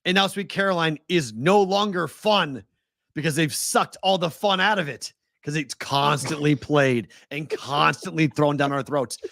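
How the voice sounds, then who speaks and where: Boston-accented male host, animated ranter, slightly high voice, dry close recording. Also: unhurried, gravelly, dry recording. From Boston area. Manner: animated ranting, swears freely. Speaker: sports betting show host. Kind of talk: casual sports talk.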